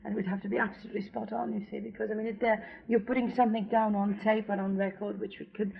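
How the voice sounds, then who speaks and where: A woman opera singer, a guest on a radio interview, telling lively anecdotes in a chatty way. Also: mid-range voice, fast, creaky. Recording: dull lo-fi 1970s radio recording.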